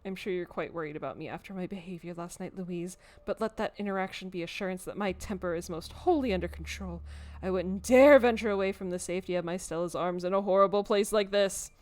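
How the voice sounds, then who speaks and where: A woman's voice: lowish voice, fast talker, darkish tone, close to an everyday voice. A woman voicing a haughty talking cat who speaks in a formal, lofty manner.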